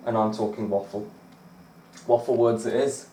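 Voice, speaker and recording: Male gaming host, low voice, casual rambling commentary. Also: fairly even intonation, moderate pace, pauses often, mellow, roomy sound. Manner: rambling, chatty, self-amused, lots of fillers.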